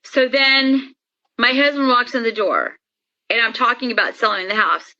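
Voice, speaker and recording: Bright, high-voiced woman telling a story. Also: normal speed, highs cut off. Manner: lively, acts out quoted dialogue. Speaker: interview guest, paranormal experiencer. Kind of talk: animated storytelling.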